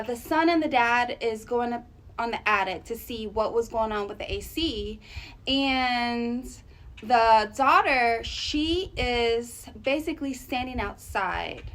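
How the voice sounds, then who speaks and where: Chatty high-voiced woman vlogger. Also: low-quality recording. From Arizona, USA. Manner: chatty, animated, lots of fillers. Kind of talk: casual storytime.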